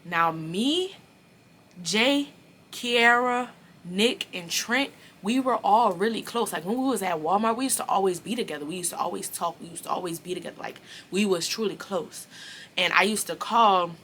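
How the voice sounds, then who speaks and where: A young woman telling a storytime to her viewers in a casual, animated, profane way. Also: mid-range voice, normal speed, a little hiss or hum. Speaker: vlogger.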